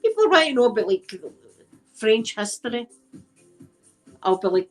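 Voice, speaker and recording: A middle-aged woman with a Scottish accent, telling rambling stories in a soft-spoken ASMR chat, using local words like aye and wee. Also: mid-range voice, big pitch swings, measured pace, pauses often, faint music behind, poor audio. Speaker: ASMR channel host.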